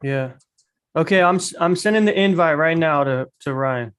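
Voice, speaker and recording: A man's voice: a little high, normal speed, a bit bright, clear, resonant tone. A man hosting a podcast in a casual, hyped, slangy way. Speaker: podcast host. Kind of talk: casual chat.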